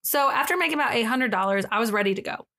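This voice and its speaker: Woman podcast co-host with a fairly high voice, retelling a story casually and with energy, laughing often. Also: rapid-fire. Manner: animated retelling with slang and frequent laughter. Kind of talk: casual storytelling, reading a thread aloud.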